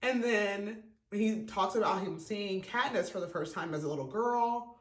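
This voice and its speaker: A man's voice: high-pitched, moderate pace, fairly bright tone. A man hosting a podcast, giving a casual, emotional book review full of fillers and restarts. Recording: roomy echo.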